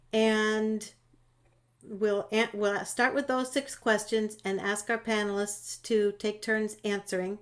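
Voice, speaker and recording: A woman moderating a panel discussion over a video call, chatty and friendly, with fillers and restarts. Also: a little high.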